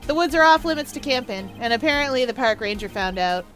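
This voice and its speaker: A woman acts out an eager, boisterous male police detective from a game. His lines come out loud and bright, full of lively pitch leaps and friendly bluster. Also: quick pace, faint music behind. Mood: hearty. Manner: hearty, boisterous.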